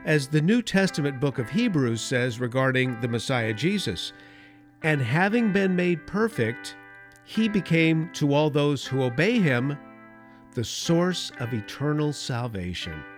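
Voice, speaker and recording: A man's voice: a little high, big pitch swings, a little slow, soft background music. A man hosting a Christian talk show, speaking in an earnest, preacherly way. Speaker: host.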